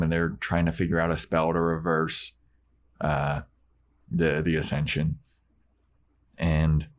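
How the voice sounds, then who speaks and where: A man co-hosting a casual podcast, retelling an episode and acting out the characters' lines. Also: low-pitched. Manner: animated storyteller who acts out quotes in voices. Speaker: podcast co-host recapping a TV episode. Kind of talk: casual chat.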